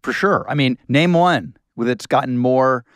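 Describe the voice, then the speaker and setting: An enthusiastic male host in casual chat, quick to praise. His voice sits at a mid pitch. The recording is dry and close. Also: fairly bright tone, smooth, dry recording.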